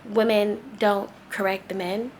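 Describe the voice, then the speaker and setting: A woman's voice: mid-range voice, flat delivery, measured pace, a little mellow, a little hiss or hum. A young woman vlogger telling a casual, exasperated story, acting out quoted dialogue. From United States. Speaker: travel vlogger.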